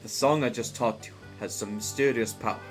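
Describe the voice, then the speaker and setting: Man doing a stern, hulking woman guardian, hushed and solemn, with a faint mock-Russian accent. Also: medium pitch, brisk, faint music behind, close to an everyday voice. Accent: slight put-on Russian tint. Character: huge strong female warrior guardian, stern. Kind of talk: reading game dialogue aloud.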